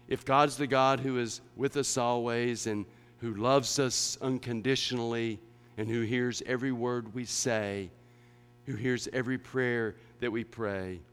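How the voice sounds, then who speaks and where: A man's voice: mid-range voice, clear, resonant tone. Man preaching in an echoing hall. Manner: dramatic, swings from hushed to emphatic. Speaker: pastor. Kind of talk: sermon. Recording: long hall reverb.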